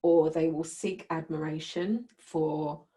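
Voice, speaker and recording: Low-voiced woman leading a workshop. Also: fairly even intonation, slow, mellow. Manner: conversational, checks in with listeners. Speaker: workshop leader. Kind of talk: teaching a live group.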